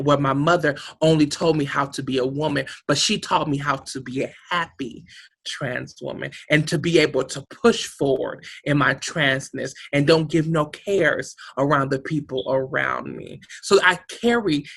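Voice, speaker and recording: A woman's voice: low voice, moderate pace, gravelly, breathy edge. A woman guest in a heartfelt interview, speaking emphatically and passionately, with a preacher-like, rousing manner and salty language. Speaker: guest, community organization director.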